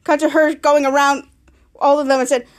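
A woman with a high-pitched voice hosts a casual podcast, walking through a TV episode shot by shot. She rambles and stumbles, restarting phrases and stringing scenes together with a steady "cut to.". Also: normal speed, slight background noise. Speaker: podcast host.

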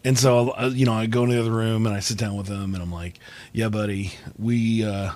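A man's voice: lowish voice, fast talker, a little mellow. A young man hosting a casual podcast over a video call, telling stories with lots of fillers and restarts. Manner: rambling storyteller, many fillers and restarts. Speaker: podcast host.

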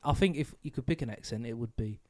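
A man's voice: mid-range voice, fast talker, a little mellow. A man, co-hosting a podcast in crude, joking casual chat. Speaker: podcast co-host.

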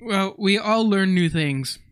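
A woman's voice: mid-range voice, lively intonation, slow, smooth, no echo, studio quality. A woman co-hosting a casual faith podcast, easygoing and agreeable. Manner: easygoing, agreeable, lots of short affirmations. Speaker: podcast co-host.

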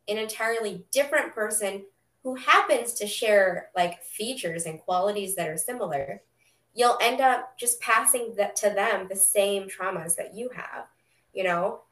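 A woman's voice: medium pitch, measured pace, a bit bright. Reflective woman, echoey distant mic. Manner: reflective, explanatory. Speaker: podcast co-host, therapist. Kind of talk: casual podcast chat. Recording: echoey room, away from the mic.

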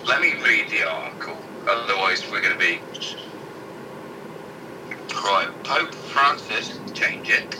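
A man reads news headlines aloud during casual banter, swearing freely and tripping over the harder words. He sits well back from the microphone, and loud background noise runs under everything he says. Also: deep voice, expressive, slow, pauses often, recorded from a distance. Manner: irreverent, sweary, stumbles while reading aloud. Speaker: co-host reading out news headlines.

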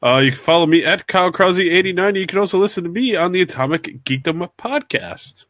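High-voiced lively male panelist. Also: brisk, no echo. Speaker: podcast panelist. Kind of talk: casual show sign-off.

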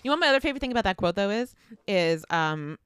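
A woman's voice: medium pitch, sing-song, very fast, a bit bright, clean tone, no room sound, clean studio sound. A woman co-hosting a podcast, telling a history story in casual chat and reading out article passages, laughing easily. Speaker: podcast co-host.

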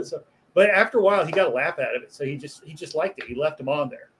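A man's voice: a little high, fast talker, fairly bright tone, a little hiss or hum. Swearing, laughing man telling shop stories. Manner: swears freely, acts out quotes in a raised voice, laughs while telling. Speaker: butcher and podcast guest. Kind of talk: casual storytelling chat.

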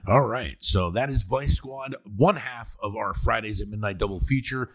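A man's voice: on the low side, moderate pace, a little hiss or hum. A man hosting a podcast, chatting casually and profanely about a film and acting out its lines. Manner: profane, animated, acts out movie lines. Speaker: podcast host.

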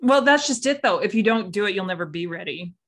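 A woman who works as an intuitive coach, talking in a calm, encouraging, gently direct way. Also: medium pitch, quick pace. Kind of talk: casual chat.

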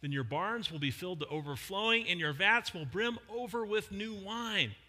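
A middle-aged male pastor preaching a sermon in a conversational way, with emphatic pauses on key words. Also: high voice, lively intonation, bright, forceful tone. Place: church hall. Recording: long hall reverb.

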